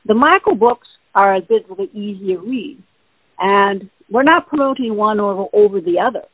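A woman's voice: mid-range voice, animated, moderate pace, breathy edge, no room sound. A woman hosting a spiritual question-and-answer show by phone, explaining answers at length in an earnest, rambling way. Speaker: host answering listener questions. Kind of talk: casual spiritual Q&A over the phone. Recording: tinny phone line, dry.

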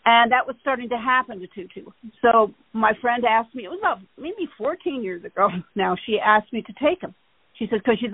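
A woman hosting a casual chat, telling rambling, animated stories. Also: a little high, fairly quick, no echo. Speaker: host. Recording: tinny phone-like line.

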